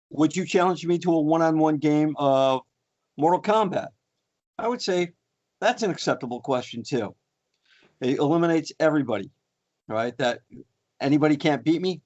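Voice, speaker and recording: A man's voice: fairly high pitch, lightly acted. A man playing a boastful mock senator who rambles with fillers and brags in a comedy debate podcast, recorded on dull lo-fi audio.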